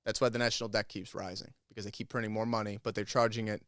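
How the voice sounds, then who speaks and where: A man's voice: lowish voice, level tone, very fast, fairly bright tone, no echo, clean studio sound. Profane man rambling through a story. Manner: rambling, profane retelling of a conversation. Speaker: podcast co-host. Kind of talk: casual comedic storytelling.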